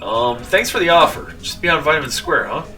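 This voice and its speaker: A man's voice: a little high, expressive, moderate pace, pushed and bright. A man reading a dry, sarcastic young lawyer. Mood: wry. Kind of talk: reading game dialogue aloud. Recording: distant mic with game music.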